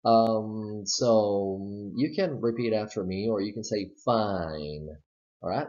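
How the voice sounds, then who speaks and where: A man with a Southern US accent teaching English pronunciation, modeling words slowly and repeating them. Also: lowish voice, a little mellow. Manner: slow, modeling words with exaggerated repetition. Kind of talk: slide-based pronunciation lesson. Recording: dull lo-fi recording.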